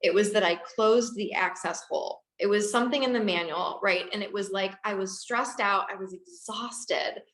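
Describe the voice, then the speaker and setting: A woman dentist in her forties telling a long story in an interview, animated, laughing, acting out the people she quotes. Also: medium pitch, normal speed, hardly any pauses, roomy sound, poor audio. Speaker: dentist guest.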